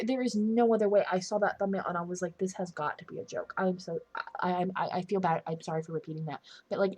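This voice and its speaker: A young woman speaks directly to camera in an opinion vlog, her voice pitched slightly low and a little mellow. She comes across as indignant and earnest, often restarting and correcting her sentences as she goes, in the style of a commentary YouTuber.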